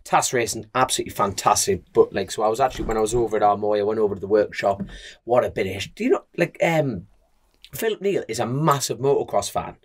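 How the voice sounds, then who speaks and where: A man's voice: on the low side, quick pace, breathy edge. A man co-hosting a motorbike podcast, telling rambling stories full of fillers in a casual chat. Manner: rambling, lots of fillers, animated storytelling. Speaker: podcast co-host and motorbike racer.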